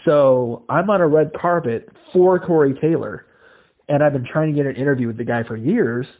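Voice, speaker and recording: A man's voice: mid-range voice, moderate pace. A male podcast host from Iowa, telling stories in casual chat, acting out the voices in them and swearing freely. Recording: tinny phone-like lo-fi audio.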